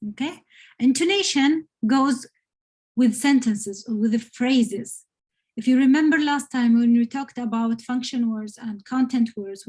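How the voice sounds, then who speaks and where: A woman's voice: a little high, darkish tone. A woman with an Arabic accent teaching an online English lesson, explaining patiently and often checking in with "okay?". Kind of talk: online lecture.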